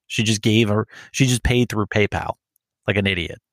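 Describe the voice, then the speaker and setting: A man co-hosting a podcast in casual chat, telling animated stories, acting out phone calls and swearing freely. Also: fairly low pitch, normal speed, dry recording, clean studio sound. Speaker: podcast co-host.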